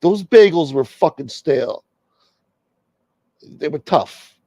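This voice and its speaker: A sulky, grumbling movie star defending himself to his wife, as a man acts him out. The voice is gravelly and dry, with lively swings in pitch. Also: slow, no echo, dull audio, full character voice. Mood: grumbling, defensive. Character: grumpy, sulky middle-aged male movie star. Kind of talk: comedic impression in a rant.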